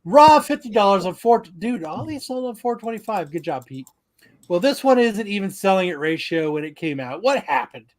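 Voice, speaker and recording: A man's voice: high-pitched, very animated, normal speed. A man co-hosting a podcast, reading out sales notes in a casual, joking way and swearing freely. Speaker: podcast co-host.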